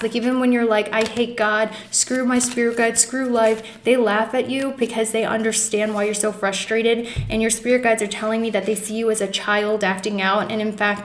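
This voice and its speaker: A woman's voice: medium pitch, slight background noise. Earnest tarot-reading woman in an echoey room. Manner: earnest, emotional, reassuring; many fillers and restarts, addresses viewers as guys. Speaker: tarot reader. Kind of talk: pick-a-card tarot reading.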